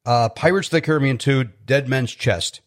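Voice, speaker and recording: A man's voice: medium pitch, moderate pace. A man from Chicago, a stand-up comedian, chatting as a guest in a rambling, self-deprecating way. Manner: rambling, self-deprecating, repeats words when starting. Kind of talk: casual interview chat.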